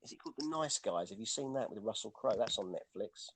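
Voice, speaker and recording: A man's voice: fairly low pitch, expressive, quick pace, fairly bright tone, slightly rough. A man co-hosting a casual film chat, rambling with many restarts and fillers. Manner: rambling, lots of restarts and "you know". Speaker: podcast co-host.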